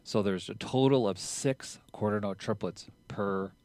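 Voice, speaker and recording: A man teaching drums in a relaxed, chatty way, explaining rhythms and counting triplets out loud as he plays. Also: fairly low pitch, unhurried. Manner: counts triplets out loud over drumming, louder while counting; casual and chatty, with fillers. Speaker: drum teacher. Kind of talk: relaxed instructional talk.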